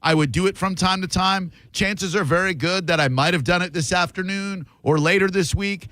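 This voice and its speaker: A man's voice: sits high, moderate pace, few pauses, bright, forceful tone, no room sound. A man hosting a radio show, chatting casually with callers in a sarcastic, playfully mock-indignant way. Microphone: studio microphone.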